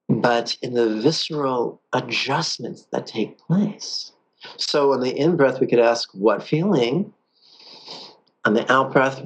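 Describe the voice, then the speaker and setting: A man with a gravelly, husky voice teaches a guided meditation. He speaks calmly with a playful streak and slows right down for the breathing cues. His pitch sits in an ordinary middle range. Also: low-quality recording.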